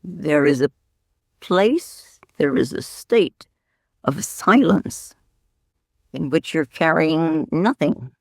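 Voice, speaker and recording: A woman's voice: low voice, lively intonation, slow, pauses often, darkish tone, dry recording, clean studio sound. A woman Zen teacher giving a dharma talk in a reflective manner, with questioning asides.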